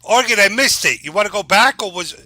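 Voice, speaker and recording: A man, joining a live stream as a guest and telling a story in an animated, jokey way. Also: sits high, brisk, no echo. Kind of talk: casual live-stream chat.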